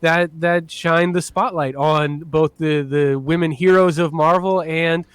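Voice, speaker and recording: A man's voice: fairly high pitch, steady tone, measured pace, clear, resonant tone, no echo. A man co-hosting a casual podcast, enthusiastic and rambling with lots of fillers. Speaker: podcast co-host.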